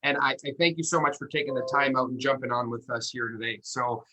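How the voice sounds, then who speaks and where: A man hosting a podcast, eagerly welcoming a guest and asking questions with halting restarts. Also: medium pitch, fairly even intonation, pushed and bright, poor audio. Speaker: podcast host. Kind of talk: casual interview.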